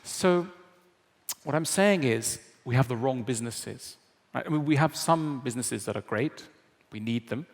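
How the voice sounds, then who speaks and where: A man's voice: medium pitch, expressive, normal speed. A man giving a public lecture in a wry, conversational way, often checking in with the audience. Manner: conversational, wry, frequent tag questions. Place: large lecture hall. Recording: long hall reverb.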